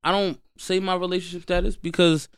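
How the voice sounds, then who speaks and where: A man's voice: high-pitched, level tone, fairly quick, smooth. A man guest on a podcast, boasting and joking, often repeating himself as he starts. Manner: joking, boastful, stammers into quips. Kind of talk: casual podcast banter.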